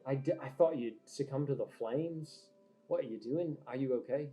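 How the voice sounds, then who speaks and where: A man's voice: moderate pace, natural voice. Man doing a jovial Scottish knight. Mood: hearty. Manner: loud, jovial, booming greetings. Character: hearty Scottish male knight commander. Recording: echoey lo-fi room with faint music.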